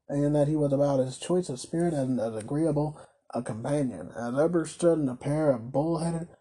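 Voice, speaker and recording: A man reading a classic novel aloud as narrator, with a measured, slightly wry delivery. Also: on the high side, dark tone, husky. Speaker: audiobook reader. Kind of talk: storybook narration.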